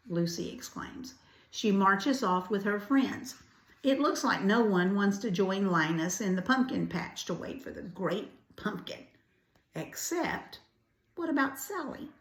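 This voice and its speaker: An older woman reading a children's storybook aloud, gentle and adding chatty asides. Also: medium pitch, animated, measured pace. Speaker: grandparent storyteller. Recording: roomy echo.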